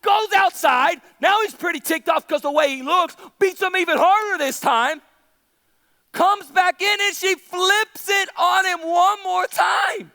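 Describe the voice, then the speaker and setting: High, bright, animated preacher. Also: male voice, a little slow, long reverb tail. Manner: animated storyteller who acts out the characters. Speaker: pastor. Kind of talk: sermon.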